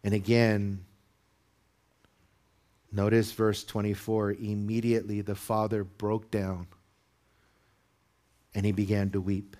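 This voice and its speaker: A male pastor preaching to his congregation in church, moving from measured teaching into loud, high-pitched exhortation. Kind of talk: sermon.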